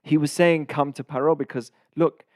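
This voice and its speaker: A man hosting and teaching a casual Torah lesson, explaining in short phrases with pauses and glossing Hebrew terms as he goes. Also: fairly high pitch, steady tone, a little mellow, no echo, clean studio sound.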